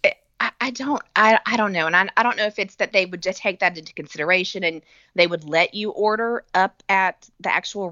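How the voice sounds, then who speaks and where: A woman's voice: medium pitch, bright, forceful tone, dry recording, dull audio. A middle-aged woman telling stories in a casual chat, with sarcastic asides. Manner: chatty storytelling, sarcastic asides.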